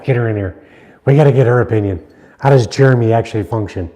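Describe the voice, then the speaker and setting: A warm, mid-range voice belongs to a middle-aged knife maker chatting loosely with livestream viewers and teasing them. He talks at a moderate pace, leaving long pauses.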